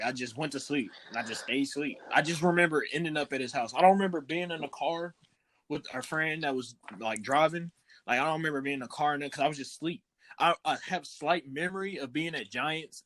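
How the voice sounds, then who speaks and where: A young man co-hosting a podcast, telling stories in an animated, laughing way. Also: on the high side, brisk, a little hiss or hum. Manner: animated storyteller, loud laughing retellings. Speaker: podcast co-host. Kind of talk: casual chat.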